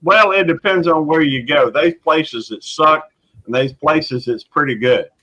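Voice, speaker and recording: A man's voice: a little high, measured pace, bright, forceful tone, dry recording, muffled recording. A man with a Southern accent from Mississippi, talking casually as a guest in a group chat in an easygoing, folksy way.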